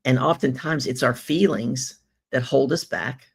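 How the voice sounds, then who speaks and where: A woman hosting a live business-coaching show, greeting viewers and reading their comments in an animated, effusive way with rhetorical questions. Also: very deep voice, measured pace, vocal fry, slightly rough.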